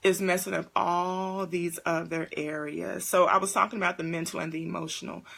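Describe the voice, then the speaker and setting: A woman in her thirties hosting a casual live-stream chat for single parents, talking straight to viewers in an animated, preachy way. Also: fairly low pitch, normal speed, creaky.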